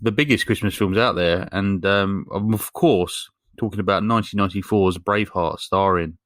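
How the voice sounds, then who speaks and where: A fairly low-voiced man recaps a film for his podcast co-hosts, meandering through the plot with frequent ums and crude asides. His voice sits close and dry on the mic, with no room sound around it. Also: normal speed, a bit bright, no echo. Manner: rambling storyteller with lots of fillers and swearing. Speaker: podcast co-host. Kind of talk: casual comedic film recap.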